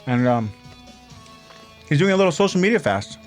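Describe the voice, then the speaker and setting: A man's voice: on the high side, big pitch swings, moderate pace, soft background music. A man co-hosting a podcast, talking casually and a bit hesitantly with ums and uhs. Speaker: podcast co-host. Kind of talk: casual chat.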